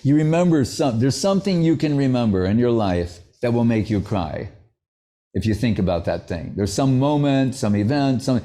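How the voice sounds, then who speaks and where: Mellow-voiced man giving a relaxed devotional talk. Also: mid-range voice, normal speed. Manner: conversational, anecdotal, playfully acts out quotes. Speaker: spiritual teacher. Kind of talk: devotional lecture.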